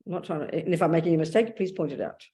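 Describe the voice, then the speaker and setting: A woman's voice: low-pitched, rapid-fire, warm tone. A woman with an Australian accent giving a blunt, emphatic dharma talk as a Buddhist nun, calling her listeners darling.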